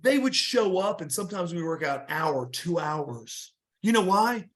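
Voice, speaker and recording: Animated and a bit bright, this guest wrestler's high-sitting voice moves at a moderate clip. The middle-aged man tells meandering wrestling tales in a relaxed interview, often restarting and using filler words.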